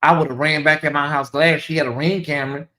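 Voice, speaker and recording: A man hosting a casual live-stream commentary, chatty and animated, often calling out to viewers. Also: on the high side, quick pace. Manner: animated, chatty, laughs and addresses viewers as y'all. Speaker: commentary channel host.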